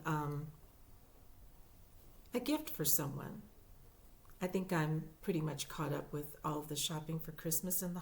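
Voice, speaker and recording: A woman talks through her crochet projects in a casual vlog, chatty and gushing as she goes. Her voice sits on the low side and her pace is slow and unhurried. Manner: chatty and gushing, with fillers and repeats. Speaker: crochet YouTuber. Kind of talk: casual show-and-tell vlog.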